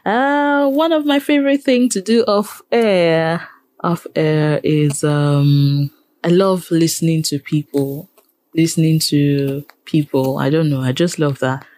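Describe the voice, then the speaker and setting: Frank Nigerian woman with a low voice. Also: slow pace. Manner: frank, exasperated, animated when ranting. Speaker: radio producer and presenter, guest. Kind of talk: interview.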